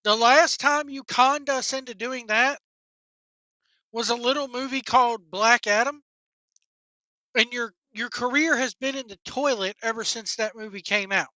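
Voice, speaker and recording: A woman's voice: fairly high pitch, unhurried, sharp tone, dry recording. A woman hosting a wrestling talk show, delivering a blunt, profane, exasperated solo rant. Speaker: wrestling commentary host. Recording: dull, dry lo-fi sound.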